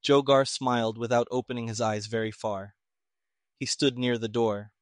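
A man narrating a story in a measured, even way. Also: medium pitch, no echo, clean studio sound.

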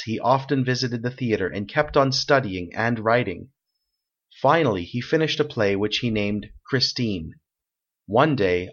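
A man reading a story aloud, in steady, measured narration. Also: mid-range voice. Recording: dull lo-fi recording.

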